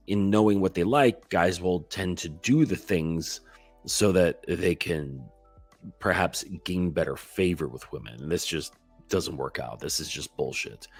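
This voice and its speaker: A man's voice: sits low, a little mellow, slightly rough, no echo. A man coaching other men on dating in a blunt, profane, casual monologue, padded with lots of "like". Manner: blunt, profane, heavy use of "like".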